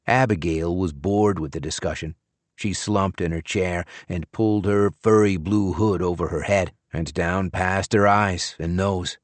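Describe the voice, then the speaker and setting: A man narrating an audiobook in the first person, in a measured, expressive storytelling manner. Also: sits low, dry recording.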